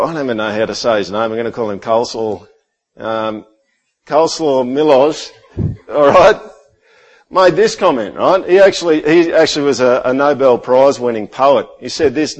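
A man in his thirties preaching a sermon in a church hall, animated and joking, acting out stories with sudden jumps in voice. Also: mid-range voice. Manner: animated, jokey, acts out his son's lines. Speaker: pastor.

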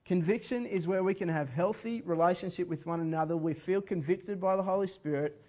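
A man's voice: high voice, a little fast, a little mellow. A man preaching a sermon in an earnest, conversational way, often chuckling as he speaks. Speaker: pastor.

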